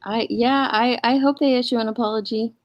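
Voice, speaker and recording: A woman hosting a casual livestream, chatting with her guests and reacting with quick asides. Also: fairly high pitch, fairly even intonation, dry recording, muffled recording. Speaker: host. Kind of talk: casual livestream chat, reading a statement aloud.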